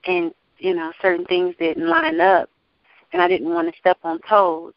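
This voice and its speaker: A lively woman singer speaks in an interview with lots of energy, laughing as she talks. The sound is a bit muffled and dull. The room gives almost no echo. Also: lowish voice, moderate pace, gravelly. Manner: animated, testifying, laughs often. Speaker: gospel singer and label owner. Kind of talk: casual interview talk.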